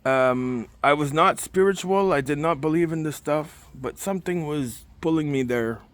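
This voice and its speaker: A man's voice: fairly high pitch, normal speed, fairly bright tone, no room sound. A man telling a rambling, emotional story in casual talk, often repeating himself. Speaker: spirit communication vlogger. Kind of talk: casual monologue.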